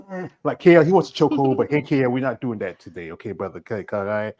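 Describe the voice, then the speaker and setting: A man's voice: mid-range voice, fast, hardly any pauses, darkish tone. A man hosts a casual interview in a loose, joking way. He often repeats his phrases as he reads out fan questions. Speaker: interview host.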